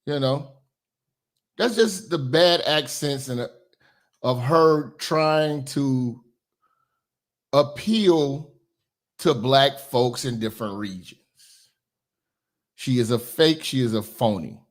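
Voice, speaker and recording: A man hosting a reaction commentary channel, animated and mocking, swearing freely as he talks back to clips. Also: medium pitch, takes it slowly, pauses often.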